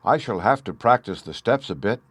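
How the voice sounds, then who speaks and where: A man's voice: fairly low pitch, expressive, brisk, no echo. A man reading an audiobook, voicing a flustered, timid noblewoman who stammers and pleads. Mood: excited.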